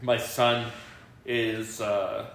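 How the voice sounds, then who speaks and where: A podcast host in his thirties tells stories in a loose, rambling way, stumbling through fillers and breaking into laughter. He talks slowly. The sound is very echoey with a faint hiss behind it. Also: lowish voice, level tone, gravelly, fairly bright tone. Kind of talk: casual chat.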